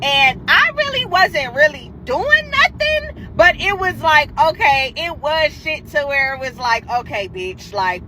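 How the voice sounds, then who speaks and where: A young woman tells a story in a high, bright voice that leaps all over its range. She swings between loud, dramatic outbursts and low, mocking impressions of other people. Faint noise sits behind her. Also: sing-song, a little slow, few pauses, rough recording. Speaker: storyteller in a clip. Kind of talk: animated storytelling.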